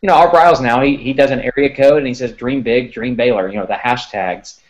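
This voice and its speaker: A man's voice: mid-range voice, a little fast, rough recording. A man who covers sports recruiting, chatting casually and restarting his sentences as he thinks. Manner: conversational, repeats words while thinking. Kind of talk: casual podcast chat.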